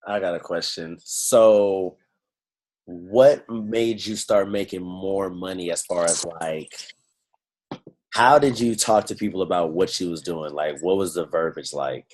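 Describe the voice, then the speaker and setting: A man's voice: deep voice, measured pace, darkish tone, low-quality recording. A man on a video call asking a question hesitantly, searching for his words.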